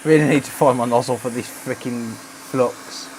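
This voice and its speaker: A man with a Black Country accent chatting casually with viewers during a repair livestream, relaxed and matey. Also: medium pitch, moderate pace, slight background noise. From Dudley, West Midlands, England. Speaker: repair streamer.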